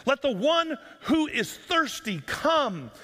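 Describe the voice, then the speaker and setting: A man's voice: very high-pitched, very animated, takes it slowly, bright, forceful tone. A man preaching a sermon as pastor, earnest and pleading, pressing his listeners with repeated rhetorical questions. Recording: long reverb of a large room.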